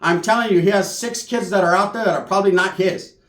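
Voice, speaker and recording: A young man from spins a crude comic story in loose, profane street slang. His voice sits fairly high, and it rings around a roomy space. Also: steady tone, fast, fairly bright tone. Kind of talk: comedic storytelling. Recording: roomy echo.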